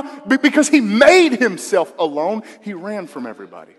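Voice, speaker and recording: High-voiced pastor preaching in a hall. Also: male voice, big pitch swings, moderate pace. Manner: conversational preaching, asks the congregation questions. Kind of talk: sermon. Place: church sanctuary. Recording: long hall reverb.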